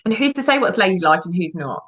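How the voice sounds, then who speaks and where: A woman's voice: on the low side, very animated, fast, fairly bright tone, muffled recording. A woman guest on a podcast, a mindset coach, talking emphatically and acting out the voices she quotes. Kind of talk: podcast conversation.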